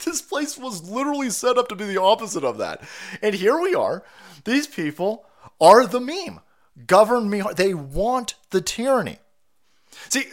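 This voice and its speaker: A man hosting a livestream, delivering an angry, profane political rant with crude mockery. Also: sits high. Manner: angry, crude, mocking, rapid-fire. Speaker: livestream host.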